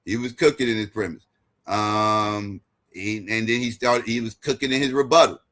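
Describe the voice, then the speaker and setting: A man's voice: fairly low pitch, steady tone, normal speed, fairly bright tone. A man hosting and moderating a debate show, giving a casual, rambling recap full of swearing and restarts. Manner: profane, rambling, many restarts, keeps asking "right?". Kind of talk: casual post-debate commentary.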